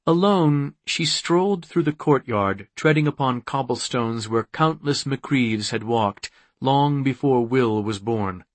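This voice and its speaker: A man narrating an audiobook in a measured, unhurried reading. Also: medium pitch, no echo. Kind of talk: scripted narration.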